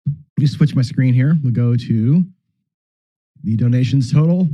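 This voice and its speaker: Chatty stream host, dull dry sound. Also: male voice, medium pitch, a little slow, long pauses, warm tone, dry recording. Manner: chatty, rambling with restarts and throat clearing. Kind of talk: casual live stream chat.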